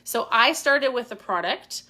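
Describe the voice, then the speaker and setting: A woman's voice: on the high side, animated, measured pace, bright, forceful tone. A woman hosting a casual live Q&A, talking with intensity and getting worked up. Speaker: host.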